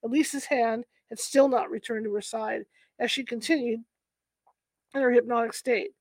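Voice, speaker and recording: A woman reading a novel aloud to listeners in a steady, even storytelling voice. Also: fairly high pitch, moderate pace, no room sound. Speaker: reader. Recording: dry close recording.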